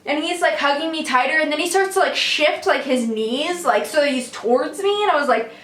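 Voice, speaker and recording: Chatty high-voiced young woman telling a story. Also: a little fast, reverberant. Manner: animated, chatty, lots of fillers. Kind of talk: casual storytime chat.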